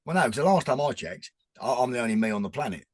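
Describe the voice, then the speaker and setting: A man's voice: mid-range voice, lively intonation, fast talker, no room sound. A man, talking earnestly and rambling in a casual chat as a podcast guest. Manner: rambling, restarts often, earnest.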